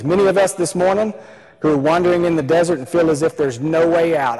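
Husky-voiced man preaching in a hall. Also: on the high side, a little fast. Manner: animated storyteller acting out voices. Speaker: pastor. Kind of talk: sermon with personal story. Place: church sanctuary.

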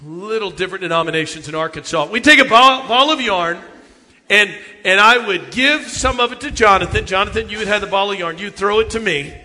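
A man, telling funny youth ministry stories in an animated sermon talk. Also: high-pitched, a little fast. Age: 50s. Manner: animated storytelling, jokes with the audience. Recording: long hall reverb.

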